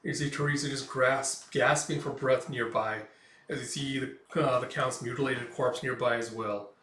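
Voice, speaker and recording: A man's voice: mid-range voice, fairly even intonation, normal speed, bright, forceful tone. A man narrating a comic casually, with many fillers and reactions. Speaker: manga read-along host. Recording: roomy echo, distant mic.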